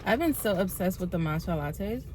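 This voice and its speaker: A woman's voice: medium pitch, lively intonation, fairly quick, loud music behind the voice. A young woman talking casually and candidly to camera in a vlog, chatty and open. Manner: chatty, candid, says like a lot. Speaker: vlogger.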